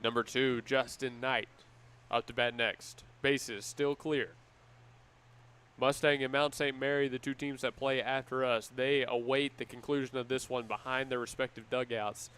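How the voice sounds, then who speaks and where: A man's voice: medium pitch, smooth. Man calling a baseball game. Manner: energetic, measured play-calling. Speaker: play-by-play announcer. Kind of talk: live baseball commentary.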